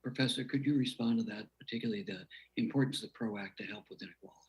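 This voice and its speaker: A man serving as a congressman, questioning a witness at a hearing in a measured way, his phrases trailing off quietly. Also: on the low side, rough recording.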